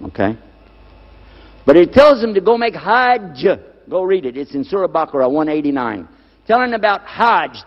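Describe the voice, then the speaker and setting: A man giving a religious lecture to a live audience, firing rhetorical questions at them and repeating key words for emphasis. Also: high voice. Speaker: lecturer on Islam. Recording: dull lo-fi recording in a reverberant hall.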